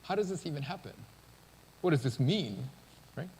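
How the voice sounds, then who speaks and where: A man's voice: fairly high pitch, lively intonation, normal speed, darkish tone, a little hiss or hum. A male pastor preaching a sermon in a casual, conversational storytelling manner. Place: church sanctuary. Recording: long church-hall reverb.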